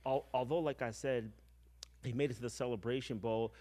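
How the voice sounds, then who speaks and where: A man's voice: medium pitch, fairly even intonation, warm tone. A man on a sports commentary stream, talking casually and laying out team records and background. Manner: measured, explains with stats and history. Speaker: football commentator.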